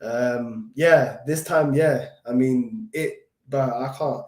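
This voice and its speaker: A London man hosting a football fan channel, chatting casually with his live chat, slangy and animated, still short of breath from covid. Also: medium pitch, slow, echoey room.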